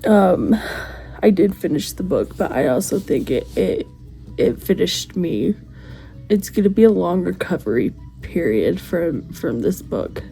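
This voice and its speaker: A woman's voice: fairly low pitch, big pitch swings, a little slow, creaky, warm tone, faint music behind. A woman talking emotionally about a book in a casual vlog, rambling and restarting her sentences. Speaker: book reviewer.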